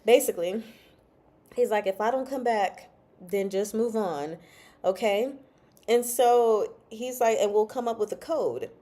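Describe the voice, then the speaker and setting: A woman's voice: a little high, unhurried, warm tone. A woman hosting a casual livestream chat about a novel, laughing often and reading out chat comments. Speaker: book club host.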